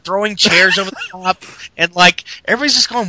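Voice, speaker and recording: A man's voice: sits high, quick pace, pushed and bright, slight background noise, rough recording. A man co-hosting a podcast, rambling through a wrestling recap in casual, profane chat. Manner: rambling storyteller acting out quotes, profane. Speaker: podcast co-host.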